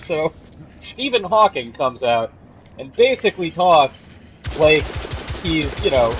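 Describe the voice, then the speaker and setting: A man's voice: fairly high pitch, background noise. A man casually commenting while he streams a video game, joking and chatting with viewers. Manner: joking, sarcastic, talks to chat viewers.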